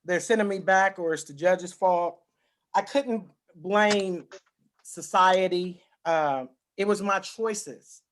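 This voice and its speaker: A woman's voice: lowish voice, takes it slowly. A woman giving a personal testimony as a guest speaker, talking emphatically and repeating her key phrases for weight. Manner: emphatic, repetitive storytelling.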